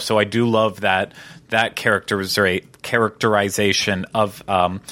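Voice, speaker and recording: A man's voice: lowish voice, a bit bright. A young man hosting a casual podcast, chatty and enthusiastic with many fillers. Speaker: podcast host.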